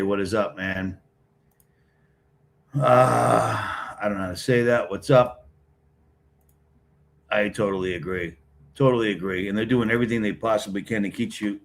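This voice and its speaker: There's a bit of hiss or hum behind this fairly low-pitched voice: a middle-aged man from the Boston area of New England hosting a casual live stream. Speaking straight to chat, he greets each commenter and answers with blunt, smart-aleck remarks.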